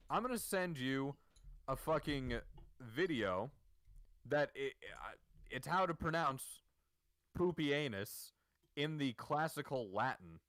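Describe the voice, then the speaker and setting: A man's voice: on the high side, smooth, dry recording. A man streaming and chatting casually, swearing constantly and ranting in disbelief. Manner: profane, incredulous, animated ranting. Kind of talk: casual chat.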